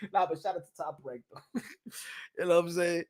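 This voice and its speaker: A young man hosting a boxing channel livestream in casual chat, animated, repeating himself and laughing often, slipping into Spanish. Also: a little high, moderate pace.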